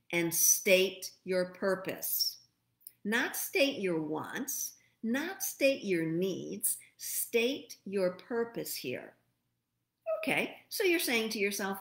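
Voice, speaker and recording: A middle-aged woman hosting a live stream as a spirit messenger, giving word readings in a slow, soothing, meditative way and thinking aloud. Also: lowish voice, vocal fry. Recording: roomy echo.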